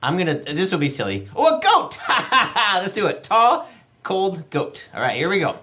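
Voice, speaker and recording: A woman's voice: on the low side, very animated, moderate pace, fairly bright tone, slight background noise. A woman hosting a children's educational show, playful and encouraging, chatting with young viewers as friends and thinking aloud with little laughs.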